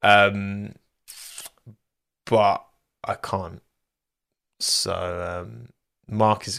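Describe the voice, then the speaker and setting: Chatty man, low rambling voice. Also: drawn-out words, creaky, long pauses, fairly bright tone. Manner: rambling, chatty, laughs at own asides. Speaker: podcast host. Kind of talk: casual motorsport chat, live-streamed.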